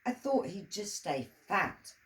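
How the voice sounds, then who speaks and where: A woman voicing a panicky man who pleads and apologizes in a high, fretful voice. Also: very animated, slow, a bit bright. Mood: distraught.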